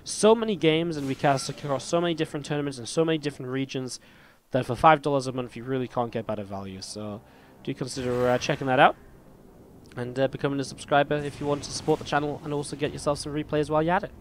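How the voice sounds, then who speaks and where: A man's voice: mid-range voice, fast talker, slight background noise. A man casting a live esports match, chatting to viewers in a rambling way, his voice slightly strained. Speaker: esports caster and host. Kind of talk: live play-by-play game commentary.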